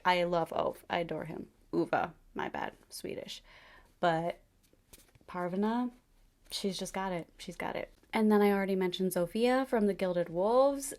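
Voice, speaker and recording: A woman's voice: on the low side, darkish tone. Gushing woman chatting about books. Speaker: book reviewer. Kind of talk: casual book chat to camera.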